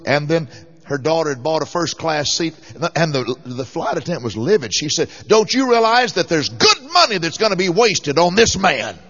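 Male preacher, slightly high voice, folksy sermon storytelling, muffled lo-fi recording. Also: a bit bright. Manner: folksy storytelling, rising to fervent exhortation.

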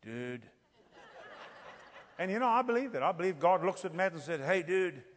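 African-accented male preacher, fairly high voice, fervent storyteller, long hall reverb. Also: animated, racing, a little hiss or hum. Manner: storytelling, rising to fervent emphasis. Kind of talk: sermon.

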